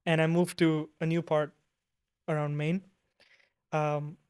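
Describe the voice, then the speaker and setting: Soft-spoken young man, even tone. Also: a little high, takes it slowly, clean tone. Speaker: podcast host. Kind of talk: conversational podcast interview.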